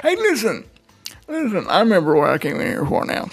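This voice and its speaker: Brief: forgetful deaf old grandpa, high-pitched and gravelly, shouts and rambles, as a man puts him on. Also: wildly swooping pitch, fairly quick, soft background music, full character voice. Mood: doddering.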